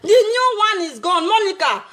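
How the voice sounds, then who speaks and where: With an extremely high pitch and big swings in intonation, this woman talks at a moderate pace in a slightly bright voice. A social media vlogger from Edo State, Nigeria, she rants in Pidgin to the camera, jeering in a sing-song way and cackling as she taunts someone.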